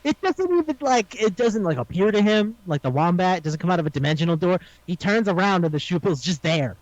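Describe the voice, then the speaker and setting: A high-pitched man co-hosts a casual podcast and retells a show with lively energy, often acting out the characters' lines. His voice sounds dry and close. The audio is a little dull. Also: a little fast, no echo. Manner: animated storytelling, acts out quotes, laughs often. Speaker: podcast co-host. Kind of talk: casual chat recapping an anime.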